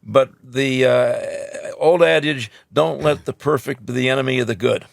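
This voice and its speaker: Gravelly man pushing back calmly. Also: medium pitch. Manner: measured, pushes back calmly. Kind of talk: casual debate.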